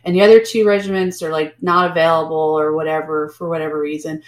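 A woman's voice: deep voice, level tone, fast. Chatty woman in an echoey room. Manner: chatty, peppered with "like", acts out characters. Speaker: podcast co-host. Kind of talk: casual book-club chat.

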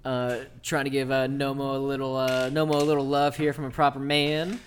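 A man's voice: medium pitch, completely flat delivery, brisk, a little hiss or hum. Rambling man running a tabletop game. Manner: rambling, filler-heavy. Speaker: dungeon master.

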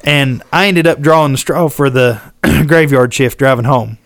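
A man telling a hunting-trip story in casual podcast chat, animated and drawling, acting out quotes and laughing along. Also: medium pitch, normal speed, no room sound, clean studio sound. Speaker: podcast co-host.

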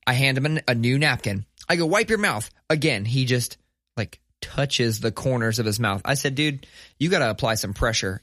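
Middle-aged man, podcast co-host, animated and profane storyteller, dry close sound. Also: medium pitch, normal speed, dry recording. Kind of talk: casual storytelling chat.

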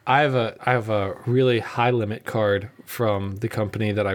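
A man's voice: on the low side, fairly even intonation, moderate pace, hardly any pauses. Laughing man in casual chat. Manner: laughs often, mimics people in stories. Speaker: podcast co-host.

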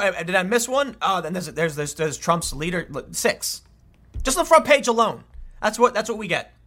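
A man's voice: on the high side, bright, forceful tone. A man giving casual political commentary, exasperated and ranting, with frequent restarts.

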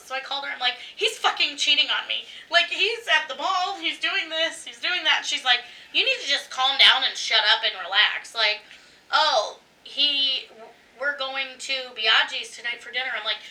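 A woman co-hosting a podcast, telling a personal story in casual chat, animated, swearing freely and laughing often. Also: high-pitched, distant mic, rough recording. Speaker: podcast co-host.

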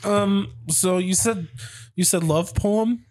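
A man's voice: mid-range voice, moderate pace, a little mellow, no room sound, clean studio sound. A man co-hosting a podcast, chatting loosely with friends and rambling through stories with lots of restarts. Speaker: podcast co-host. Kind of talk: casual banter among friends.

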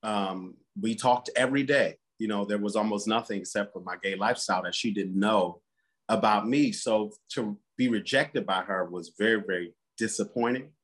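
A man's voice: on the low side, normal speed. A man, a pastor and interview guest, telling a personal story candidly and earnestly, acting out the quotes.

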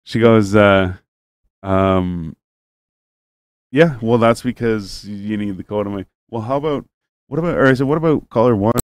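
A man's voice: on the low side, moderate pace, smooth, no echo, studio quality. A man telling a long, rambling story in casual chat, cursing freely and acting out both sides of a phone call.

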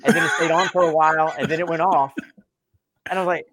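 Animated higher-voiced man telling stories. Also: fast, slightly rough, no echo. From North Carolina and Delaware, US. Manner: animated, acts out quoted dialogue. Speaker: stand-up comedian guest. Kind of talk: casual storytelling chat.

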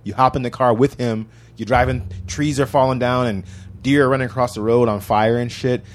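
A man casually retelling a video game's ending in animated, profane detail while co-hosting a chat podcast. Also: mid-range voice, fairly quick, slight background noise.

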